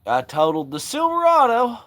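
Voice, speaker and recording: A man's voice: very high voice, huge pitch swings, a little fast, a bit bright, a little hiss or hum. Rambling, foul-mouthed man. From Southern United States. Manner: crude, rambling storytelling with frequent laughs. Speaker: livestream host. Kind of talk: casual chat.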